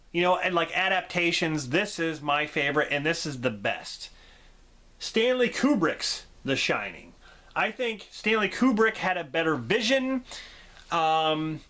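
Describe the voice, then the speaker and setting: Casting: enthusiastic male vlogger reviewing movies, bright, tense tone. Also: sits high. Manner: enthusiastic, gushing, laughs often. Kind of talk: casual vlog movie review.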